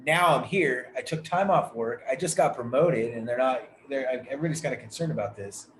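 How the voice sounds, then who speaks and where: A man hosting a podcast, telling a story in a loose, rambling way and swearing constantly. His voice sits at an ordinary middle pitch. The room is echoey, with a faint hiss of noise underneath. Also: fairly quick. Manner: rambling, heavily profane storytelling. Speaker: podcast host. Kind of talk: casual storytelling chat.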